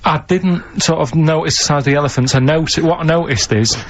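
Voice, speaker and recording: A man, co-hosting a radio show and telling a meandering story in a flat, deadpan way. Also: fairly high pitch, fairly quick. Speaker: radio co-host. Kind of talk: rambling storytelling. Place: radio studio. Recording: dull lo-fi radio recording.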